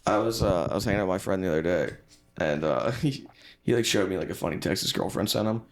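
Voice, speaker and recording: A man's voice: sits low, fast, creaky, soft background music. A young comedian chatting as a podcast guest, joking, swearing freely and acting out quotes in his stories. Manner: swears a lot, jokey, acts out quotes. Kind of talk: casual chat.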